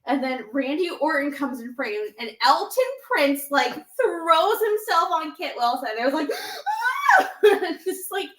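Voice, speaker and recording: A woman's voice: sits high, very animated, unhurried, hardly any pauses, fairly bright tone. Chatty woman in an echoey room. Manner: chatty, rambling, lots of "like" and "um"; acts out quoted lines with playful voices. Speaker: podcast co-host. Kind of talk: casual chat.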